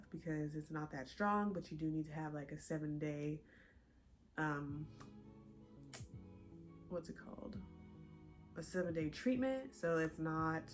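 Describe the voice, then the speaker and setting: A young woman vlogger chatting casually to her viewers, a bit out of breath and animated. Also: deep voice. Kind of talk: casual chat to camera.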